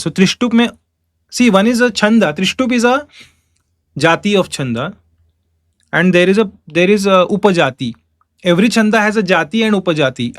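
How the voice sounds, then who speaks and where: A man teaching a class, explaining step by step and chanting verses slowly in meter. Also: high voice, dry recording, studio quality. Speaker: Sanskrit teacher. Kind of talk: online class lecture.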